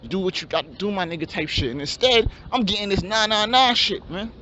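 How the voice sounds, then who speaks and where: A man's voice: high-pitched, lively intonation, brisk, pushed and bright. A man voicing a laid-back young male dreamer in a comedy skit, drawling slang in a mumble. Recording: dull lo-fi, faint hum.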